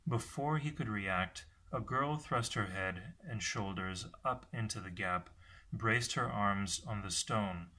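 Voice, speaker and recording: A man reading a fantasy novel aloud, unrehearsed, in steady narration with occasional slips. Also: on the low side, slow pace. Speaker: audiobook reader.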